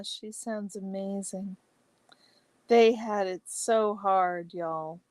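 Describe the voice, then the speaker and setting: A woman hosting a casual livestream chat, reading viewer comments aloud and answering each by name, chatty and exclamatory with soft asides. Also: medium pitch, steady tone, drawn-out words, no echo. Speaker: livestream host.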